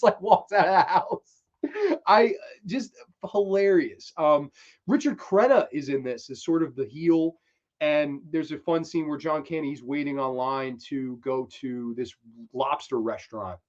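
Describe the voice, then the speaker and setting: Enthusiastic man hosting a movie show. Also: mid-range voice. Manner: enthusiastic, rambling, swears freely. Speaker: movie review show host. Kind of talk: casual film countdown talk. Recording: dull lo-fi recording.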